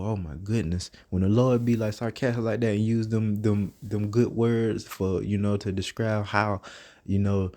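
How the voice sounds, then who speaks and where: A man's voice: lowish voice, fairly even intonation, normal speed, a little mellow. A man giving casual scripture commentary, reading verses aloud and then riffing on them in profane, streetwise talk. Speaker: self-taught Bible teacher.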